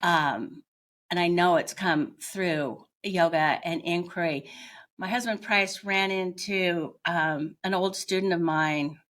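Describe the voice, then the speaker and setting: A woman's voice: lowish voice, steady tone, takes it slowly, fairly bright tone. An older woman, a retired teacher now teaching yoga, candidly telling her own story as an interview guest and searching for her words as she goes. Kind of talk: reflective personal storytelling.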